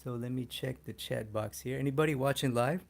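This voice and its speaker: Male art instructor on a livestream, mid pitch, excitable and profane. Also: a little fast, creaky. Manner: excitable, swears casually, laughs often. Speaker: poster artist teaching a livestream. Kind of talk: casual livestream tutorial.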